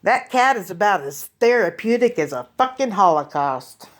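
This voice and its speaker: A woman performing a stand-up comedy routine, telling a story with profane, deadpan asides. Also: mid-range voice, normal speed.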